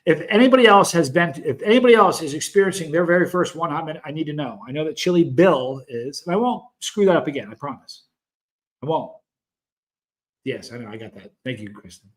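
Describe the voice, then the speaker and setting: A man's voice: fairly high pitch, animated, fairly quick. A middle-aged man hosting a hot sauce live stream, chatting casually with viewers and telling long, rambling stories full of asides. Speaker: hot sauce show host.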